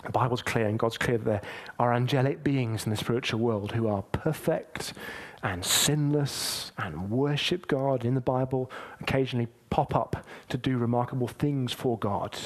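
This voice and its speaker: A man's voice: medium pitch, normal speed. A young man preaching a sermon in an earnest, conversational, heartfelt way.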